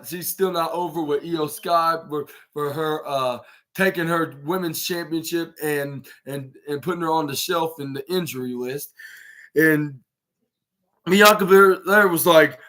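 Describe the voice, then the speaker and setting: Male podcast host, slightly high, bright and forceful voice, loose rambling recap delivery that mimics the people he quotes. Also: a little slow. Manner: rambling retelling, acts out quoted lines. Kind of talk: casual wrestling recap.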